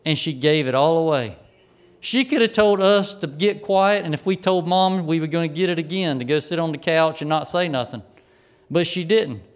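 Middle-aged pastor, male, slightly high voice, folksy animated storyteller from the pulpit. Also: normal speed. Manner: animated, folksy anecdote with chuckles. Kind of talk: storytelling sermon.

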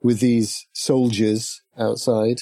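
A man's voice: mid-range voice, level tone, takes it slowly, mellow. A man playing a character at a tabletop game, talking in a playful, plummy way. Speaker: tabletop player.

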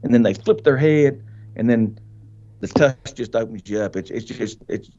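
A man telling a hunting story as a podcast guest, animated and folksy, laughing often and acting out what people said. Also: mid-range voice, moderate pace, dull audio. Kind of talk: casual storytelling.

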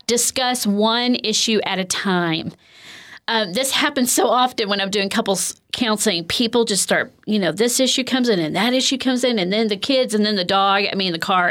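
A woman's voice: medium pitch, a bit bright. Chatty woman counselor, lots of fillers. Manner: conversational, filler-heavy, with lots of "um" and "you know". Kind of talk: explanatory interview talk.

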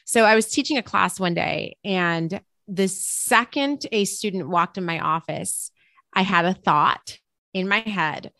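A woman guest tells a personal story with a bright, forceful voice. She shifts into the voices of the people she quotes. The room is dry and close. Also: medium pitch, measured pace, gravelly, dry recording. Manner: expressive, acts out quoted dialogue. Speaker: interview guest and author; teacher.

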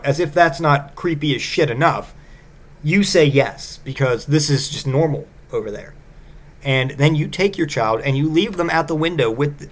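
A man's voice: on the high side, a bit bright. A man hosting a comedy podcast, rambling through a sarcastic, profane monologue. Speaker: podcast host.

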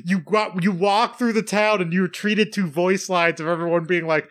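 A man's voice: sits high, fairly even intonation, moderate pace, fairly bright tone. A man co-hosting a podcast, chatting casually and animatedly about a video game, laughing and swearing. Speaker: podcast co-host. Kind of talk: casual gaming chat.

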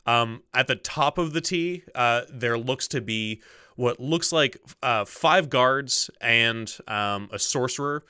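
Bright, smooth-voiced male game master. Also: mid-range voice, slow pace, dry recording, clean studio sound. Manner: many fillers, mutters to himself while setting things up. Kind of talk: narrating a tabletop game.

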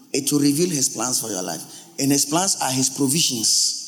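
Pastor preaching in a reverberant hall. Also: male voice, fairly high pitch. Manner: lively preaching with rhetorical questions to the congregation. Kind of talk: sermon.

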